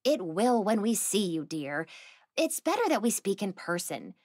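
A woman voicing a calm older aunt who is a witch, soothing and fond of endearments. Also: mid-range voice, unhurried, dry recording, studio quality.

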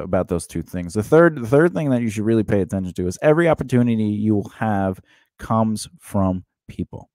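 A man's voice: lowish voice, dry recording, studio quality. A man co-hosting a casual talk show, giving career advice and acting out quoted lines in different voices. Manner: animated, acts out quoted lines in changed voices. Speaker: podcast co-host.

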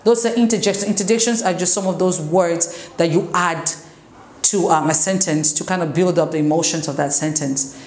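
A woman English teacher giving a relaxed, conversational classroom lesson, mixing in French explanations. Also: on the low side, a little fast. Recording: echoey room, faint noise.

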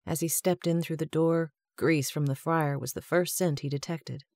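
Female audiobook narrator, warm tone, steady even read, dry close sound. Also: low-pitched, moderate pace, no room sound. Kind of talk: scripted narration.

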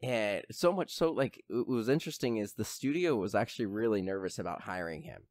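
A man's voice: lowish voice, animated, brisk, darkish tone. A man co-hosting a podcast, rambling casually and retelling film scenes with lots of fillers. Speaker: podcast co-host. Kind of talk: casual film review chat.

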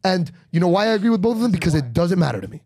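Rapid-fire and sitting high, a twenty-something comedian from Miami, Florida spins stories during a relaxed podcast appearance, animatedly doing other people's voices. The studio microphone gives a dry recording.

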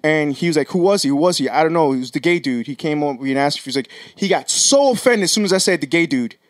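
A man's voice: a little high, animated, fast talker, no echo, clean studio sound. A man in casual podcast talk, rambling through anecdotes, swearing freely and restarting sentences. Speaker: podcast co-host.

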